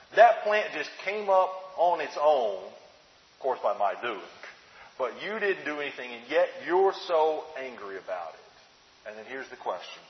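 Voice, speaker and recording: A man preaching a sermon in a conversational, expressive way, asking his listeners rhetorical questions. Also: on the high side. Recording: muffled, echoey hall sound.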